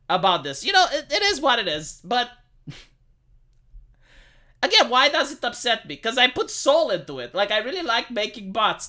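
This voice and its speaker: A man rants to his live-stream chat in a bright, edgy voice. His pitch swings widely as he talks. He swears often and trips over repeated words when he gets heated. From Romania. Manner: profane, stammering, repeats words when worked up. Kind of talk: casual ranting chat to live viewers.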